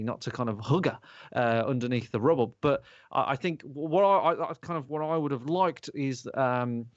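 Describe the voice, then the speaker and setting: A man, hosting a podcast in casual chat, animated, sweary and rambling. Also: mid-range voice, no echo. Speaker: podcast host. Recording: dull lo-fi sound.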